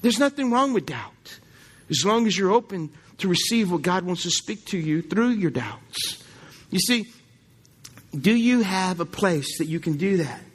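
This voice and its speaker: High-voiced preacher. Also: male voice, animated, unhurried, slightly rough. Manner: conversational, asks the congregation questions. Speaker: pastor. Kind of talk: sermon. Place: church.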